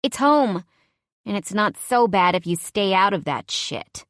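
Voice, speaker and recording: A woman's voice: medium pitch, expressive, measured pace, a bit bright, no room sound, studio quality. A woman reading the part of a broke, weary young woman who talks in a sassy drawl. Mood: wry. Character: broke, weary young woman stuck in a small town, brassy.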